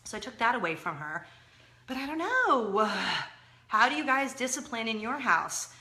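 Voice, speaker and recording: Woman, 30s, mom vlogger talking to camera, bright and forceful tone, chatty and dramatic. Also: a little high, moderate pace. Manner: chatty and expressive, swinging from loud to hushed. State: injured, in a leg cast. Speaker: parenting vlogger. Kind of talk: casual chat to camera.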